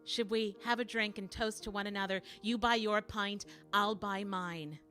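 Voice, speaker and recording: A middle-aged woman, a singer and show host, telling a story slowly and thoughtfully at home between songs on a livestream, with frequent restarts. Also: medium pitch, steady tone, sharp tone, soft background music. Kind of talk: casual spoken intro between songs on a livestream.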